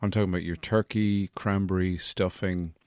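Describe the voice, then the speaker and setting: A man hosting a comedy podcast, talking in a deadpan, hesitant way with plenty of fillers. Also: low voice, moderate pace, no echo, studio quality. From Irish Midlands. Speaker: podcast host.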